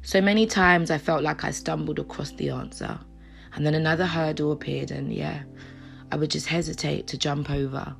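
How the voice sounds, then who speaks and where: A woman gives an inspirational talk in a low, gravelly voice. She repeats key phrases and sometimes drops to a whisper. A faint guitar plays behind her. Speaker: motivational speaker. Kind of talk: inspirational talk with poem reading. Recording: soft guitar music behind.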